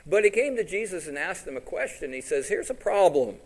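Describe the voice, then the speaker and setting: Sitting high and sing-song, this male pastor's voice moves fairly quickly through a conversational sermon. He puts questions to the congregation and paraphrases scripture in quoted voices, captured on a rough recording.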